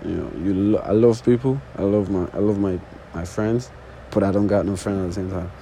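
The voice is a man's, on the low side and mellow, fairly quick, with fairly even intonation. He is a podcast host in his early twenties with a non-native English accent, sitting on the floor and rambling casually through an unscripted solo talk, swearing often and repeating false starts. The audio is poor and carries a little hiss or hum.

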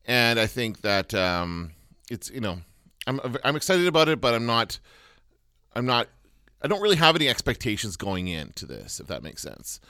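A man's voice: mid-range voice, sing-song, moderate pace, pushed and bright, clean tone, dry recording, clean studio sound. A man co-hosting a podcast, talking in a rambling casual way with many restarts and fillers. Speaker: podcast co-host. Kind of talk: casual chat.

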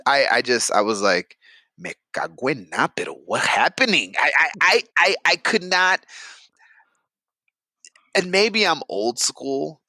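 A man's voice: fairly high pitch, a little slow, dry recording, clean studio sound. A middle-aged man, a podcast co-host telling stories in casual banter, swearing freely and acting out the lines he quotes. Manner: animated storyteller, swears freely, acts out quotes.

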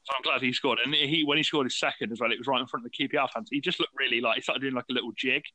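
Bright-voiced man chatting football. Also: mid-range voice, rapid-fire, dry recording, rough recording. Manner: animated storyteller, acts out quotes in raised voice. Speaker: podcast co-host. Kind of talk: casual football chat.

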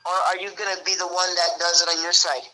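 A man's voice: sits high, flat delivery, fast, pushed and bright, rough recording. A man hosting a radio show, chatting casually and joking around. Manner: joking, rambling. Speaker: radio host. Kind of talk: casual on-air banter.

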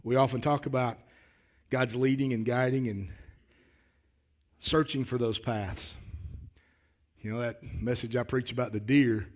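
A man's voice: mid-range voice, steady tone, measured pace, pauses often. Earnest folksy male preacher. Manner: folksy and earnest, repeats words when starting; builds to emphatic, louder declarations. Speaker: lay preacher. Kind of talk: sermon.

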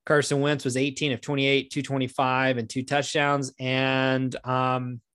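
A man's voice: mid-range voice, monotone, measured pace, a bit bright, clear, resonant tone, no echo, clean studio sound. A man co-hosting a casual football podcast, chatty and folksy, running through player stats. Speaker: podcast co-host. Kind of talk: casual sports chat.

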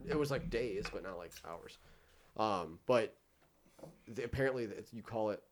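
A young man in his twenties, a podcast host, telling a rambling, swear-filled story and putting on animated voices for the people in it. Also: lowish voice, moderate pace. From Ohio. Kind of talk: casual storytelling.

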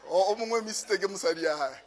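A middle-aged man with a South African accent preaching a sermon, telling anecdotes in a lively way and laughing often. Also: sits high, slight background noise.

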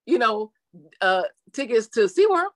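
A woman being interviewed in a casual chat, telling her story animatedly and acting out quotes in lively voices. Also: fairly high pitch, unhurried, no echo. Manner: chatty, with frequent "you know" fillers. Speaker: interview guest.

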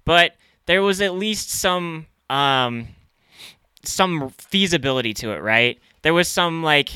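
A young man co-hosting a casual comedy podcast, easygoing and quick to laugh. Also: a little high, lively intonation, bright, forceful tone, clean tone, dry recording. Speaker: podcast co-host.

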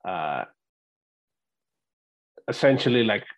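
A man co-hosting a casual movie rewatch podcast, walking through scenes one by one and often checking in with a quick "right?". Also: lowish voice, sing-song. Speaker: podcast co-host.

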